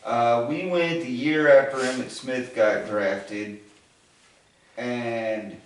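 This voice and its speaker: A man's voice: mid-range voice, fairly even intonation, takes it slowly, a little hiss or hum. A man from Ohio telling a rambling anecdote in a casual chat, acting out what other people said. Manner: rambling anecdotes with acted-out quotes. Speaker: show regular answering questions. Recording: very echoey, from far off the mic.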